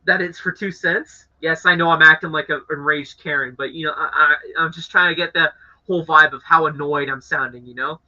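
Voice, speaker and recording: A young man from Canada hosting a live stream, telling an annoyed story to his chat in a casual, animated way with swearing. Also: on the high side, fairly quick. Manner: animated, swearing, acts out angry voices. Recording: dull lo-fi audio.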